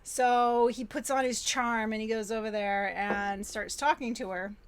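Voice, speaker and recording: A woman's voice: a little high, steady tone, a little slow, a little hiss or hum. A woman recapping a movie plot in casual chat, laughing and quoting the characters as she goes. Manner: retells film scenes with laughs, mimicking characters. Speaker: podcast co-host.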